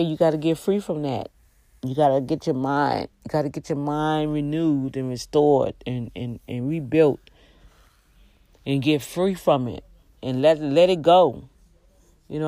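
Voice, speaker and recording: A woman's voice: low voice, dark tone, no room sound. Earnest woman exhorting on a faith livestream. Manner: earnest, exhorting, preacher-like, drawn-out emphasis. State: tired, yawning. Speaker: livestream host. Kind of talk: casual faith talk on a livestream.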